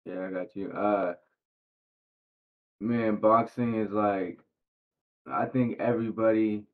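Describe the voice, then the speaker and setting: A professional boxer talking as a podcast guest in a laid-back, slangy way, full of fillers. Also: male voice, fairly low pitch, fairly even intonation, slow pace. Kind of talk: casual interview chat. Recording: tinny phone-like sound.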